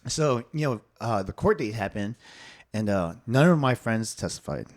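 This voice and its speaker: Animated young man telling stories. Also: on the low side, moderate pace. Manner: animated storytelling, many fillers, swears. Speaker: podcast host. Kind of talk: casual podcast chat.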